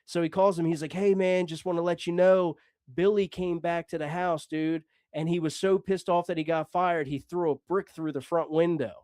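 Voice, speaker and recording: A man's voice: a little high, steady tone, moderate pace, darkish tone, no echo, clean studio sound. A man telling a long story casually, rambling, swearing and acting out the dialogue.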